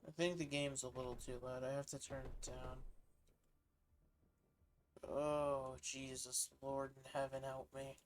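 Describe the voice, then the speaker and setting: A man's voice: medium pitch, level tone, measured pace, pauses often, slight background noise. A man streaming a shooter game, talking to himself in a goofy, sleepy way and swearing freely. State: sleepy, worn out. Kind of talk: casual gaming commentary.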